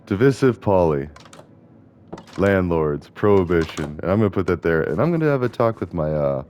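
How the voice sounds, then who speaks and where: Deep-voiced ranting young man. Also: sing-song, moderate pace, darkish tone, a little hiss or hum. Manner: ranting, indignant, digressive. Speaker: gaming vlogger. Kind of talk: casual rambling commentary while gaming.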